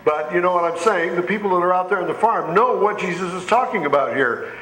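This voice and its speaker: Man, pastor, sermon, folksy storyteller, slightly high voice, echoey church room. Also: fast, fairly bright tone, a little hiss or hum. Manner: folksy storytelling with rising emphasis on scripture. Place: church sanctuary.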